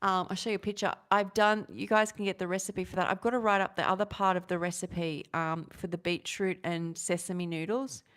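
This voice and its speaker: A woman's voice: fairly low pitch, fairly even intonation, fairly bright tone. A woman, chatting casually and rambling through a live vegan recipe vlog. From Australia. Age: 30s. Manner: rambling, chatty, self-interrupting, quick laughs.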